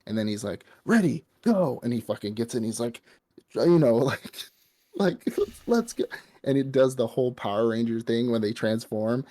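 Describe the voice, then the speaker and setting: A man's voice: medium pitch, normal speed, mellow. A man hosting a podcast, casually and profanely retelling an anime episode. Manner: rambling, profane storytelling with laughs. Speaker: podcast host. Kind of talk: casual anime recap chat.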